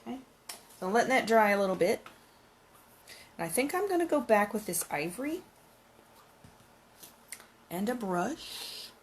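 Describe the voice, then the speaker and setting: A woman's voice: mid-range voice, very animated, normal speed, long pauses, slight background noise, low-quality recording. A woman narrating her painting in a casual craft vlog, thinking aloud and musing as she works. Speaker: craft vlogger.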